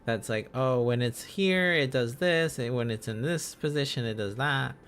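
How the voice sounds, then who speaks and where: A man's voice: mid-range voice, normal speed, fairly bright tone, clear, resonant tone, faint music behind. A man streaming casually, thinking aloud as he learns, sounding out syllables and chuckling often.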